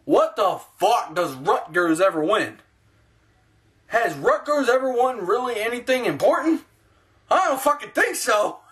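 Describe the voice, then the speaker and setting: A man's voice: very high-pitched, very animated, unhurried, fairly bright tone. A man ranting in a profane, self-mocking sports vlog, talking to his own camera at home. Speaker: sports vlogger.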